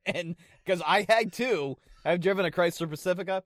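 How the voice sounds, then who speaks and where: Man, podcast co-host, profane, animated, slightly high voice, dry room. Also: normal speed, no room sound. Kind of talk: casual podcast chat.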